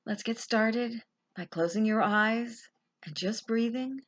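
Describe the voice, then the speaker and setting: A woman life coach speaking slowly and soothingly as she leads a guided meditation. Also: on the high side.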